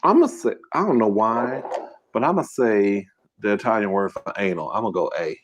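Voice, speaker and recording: A man's voice: lowish voice, lively intonation, normal speed, a little hiss or hum. A man hosting a live-stream trivia game, reading questions aloud and bantering casually with his chat. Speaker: mukbang host running a live trivia game.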